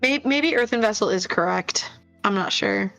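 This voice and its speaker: A woman's voice: mid-range voice, normal speed, gravelly, a bit bright, faint music behind, poor audio. A woman with a mid-range voice co-casts a card game tournament live, drawing on her own experience as a player. She chats easily, laughs often and uses plenty of "um"s and "like"s. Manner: chatty and easygoing, laughing often, with fillers. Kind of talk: casual live game commentary.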